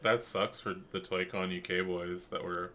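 Low, bright-voiced man joking in a podcast. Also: level tone, normal speed. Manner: crude, jokey, loud bursts of silly voices. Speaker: podcast co-host. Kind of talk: casual chat.

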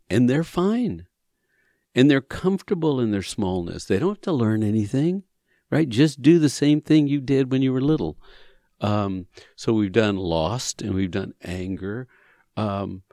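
In a dry, studio-quality recording, a man with a mid-range voice and vocal fry teaches conversationally on a talk show; he leads men's retreats. Animated, he performs bits of dialogue, raises his emphasis and keeps repeating phrases to make his points stick.

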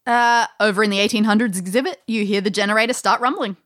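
A woman's voice: medium pitch, fast talker, a bit bright, no room sound, studio quality. A woman acting as game master, describing scenes in an escape-room game with light amusement.

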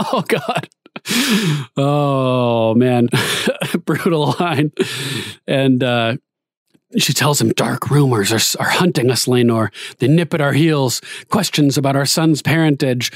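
A man's voice: a little high, slow, pauses often, no room sound, clean studio sound. A man casually recapping a TV episode, laughing often and acting out the characters' lines in playful paraphrase. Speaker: show recapper.

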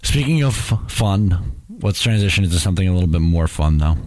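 A young man with a notably deep voice, co-hosting a casual sports podcast. He is relaxed and wry, and he leads the talk from one segment to the next. The sound is dry and close to the mic. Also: brisk, dry recording. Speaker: podcast co-host.

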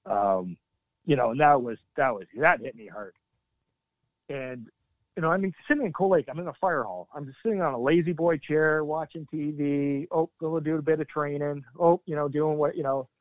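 A middle-aged man, a military veteran, telling his story in an earnest, halting way with sudden emphatic bursts. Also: fairly high pitch, dry recording. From Canada. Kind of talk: candid interview storytelling. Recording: dry, tinny phone-like line.

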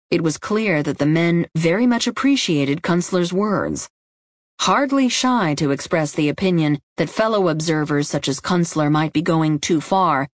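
A woman narrating a nonfiction audiobook in a measured, even reading style. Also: on the low side, no room sound, studio quality.

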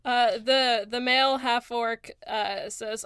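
Woman GM, narrates with lots of ums, smooth, slightly high, dry close mic. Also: fairly even intonation, unhurried, fairly bright tone, dry recording. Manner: hesitant, lots of fillers. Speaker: game master. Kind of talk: narrating a tabletop game.

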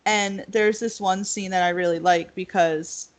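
A woman's voice: medium pitch, steady tone, measured pace. A young woman in casual chat, rambling with lots of fillers and acting out quotes. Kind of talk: casual podcast discussion.

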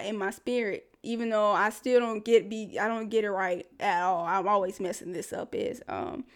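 A woman's voice: a little high, smooth. A woman hosting a casual solo podcast, talking candidly through life advice with many fillers and asides. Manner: chatty and candid, with frequent fillers and laughs. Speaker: podcast host.

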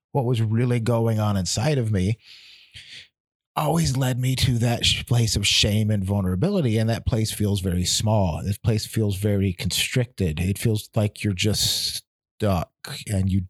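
A man in his thirties hosting a podcast, talking through a personal reflection in a candid, halting way, often restarting and repeating words. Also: lowish voice, no room sound, studio quality. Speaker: podcast host.

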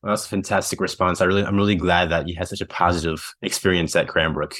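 Guy hosting an interview, deep voice, talks fast, super affirming. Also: flat delivery, a bit bright. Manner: affirming, encouraging. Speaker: podcast host. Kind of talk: interview conversation.

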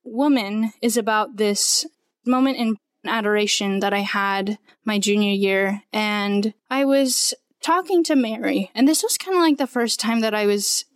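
A woman in her twenties, a musician, speaking as an interview guest and telling a personal faith story in an earnest, animated way. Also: medium pitch, a little slow, smooth, dry recording. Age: 20s.

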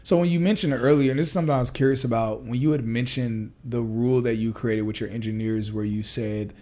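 A man's voice: mid-range voice, steady tone, fast talker, dark tone. A man hosting a casual interview, enthusiastic and rambling, full of "like" as he builds his questions. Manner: enthusiastic, rambling, many "like" fillers. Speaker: podcast host, interviewer.

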